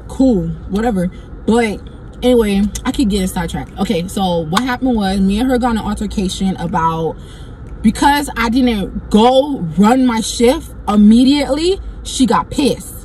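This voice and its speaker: A young woman vlogger telling a story in a blunt, profane and animated way, often going off on tangents. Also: medium pitch, normal speed, a little hiss or hum. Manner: blunt, profane and animated, keeps getting sidetracked. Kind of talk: casual storytime monologue.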